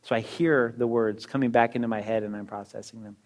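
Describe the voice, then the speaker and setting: In a relaxed, chatty teaching style, a middle-aged man talks about reading books, turning directly to his audience with quick asides and rhetorical questions as he discusses a book on reading. His voice is on the low side, with fairly even intonation.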